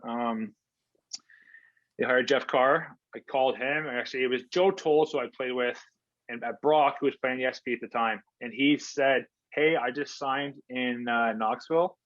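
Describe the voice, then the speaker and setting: A man's voice: mid-range voice, moderate pace, fairly bright tone, dry recording. Chatty man telling stories, dull dry sound. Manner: chatty, filler-heavy, replays conversations in quotes. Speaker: hockey player guest. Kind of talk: casual storytelling interview.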